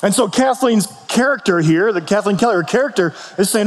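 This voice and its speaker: The sermon comes fairly quick with few pauses, from a pastor whose voice is fairly high for a man. He keeps it relaxed and conversational, asking rhetorical questions and repeating his phrases, all within the long reverb of what sounds like a large hall.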